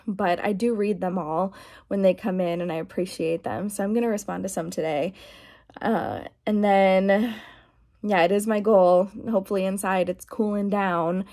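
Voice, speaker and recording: Woman vlogger, casual rant, exasperated, slips into whispers, recorded in a garage. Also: mid-range voice. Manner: chatty, exasperated, drifts between talking and whispering. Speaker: ASMR vlogger. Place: garage at home. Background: quiet, dim garage.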